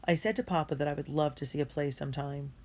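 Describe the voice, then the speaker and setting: A woman reading a first-person diary story aloud in an earnest and expressive way. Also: low-pitched, fast. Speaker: audiobook reader.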